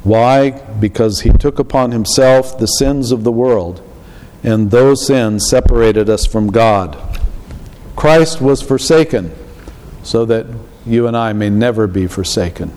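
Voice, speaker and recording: Male pastor, measured sermon delivery, slow, long hall reverb. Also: mid-range voice, darkish tone. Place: church.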